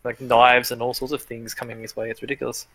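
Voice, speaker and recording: A man's voice: medium pitch, level tone, fast, a bit bright, no room sound, poor audio. A man narrating as game master in a tabletop role-playing game, easygoing and chatty, laughing often.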